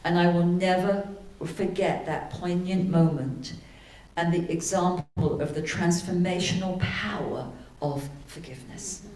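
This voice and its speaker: A woman giving a sermon, telling a personal story, then leading a slow, soothing guided meditation. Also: on the low side, darkish tone, slight background noise. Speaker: spiritual speaker. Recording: echoey hall from far off.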